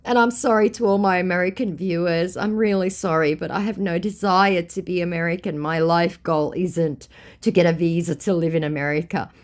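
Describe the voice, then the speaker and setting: A woman's voice: lowish voice, steady tone, normal speed. An Australian woman hosting a channel, retelling chats in a blunt, sarcastic storytelling manner. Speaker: scambaiting channel host.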